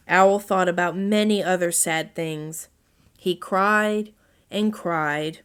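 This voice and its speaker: A woman reading a children's storybook aloud as narrator, in a gentle read-aloud manner. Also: lowish voice, fairly even intonation, slow, smooth.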